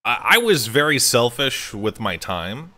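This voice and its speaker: A man streamer speaking candidly and hesitantly, with many pauses and fillers. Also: mid-range voice, very animated, bright, forceful tone. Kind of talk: candid personal talk on stream.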